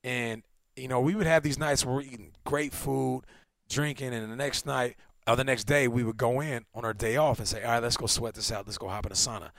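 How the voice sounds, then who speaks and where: A man in his thirties, a former football player, co-hosting a casual chat and telling stories with lively, acted-out quotes. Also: fairly quick, no echo, studio quality. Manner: animated storyteller, acts out quotes with big pitch swings. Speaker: podcast co-host, former NFL receiver.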